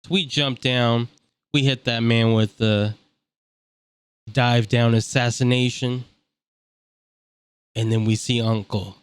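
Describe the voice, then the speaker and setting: A man's voice: mid-range voice, fairly even intonation, takes it slowly, pauses often, clear, resonant tone, no echo. A man giving casual, joking let's-play commentary over a game, full of slang and mocking asides. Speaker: gameplay commentator.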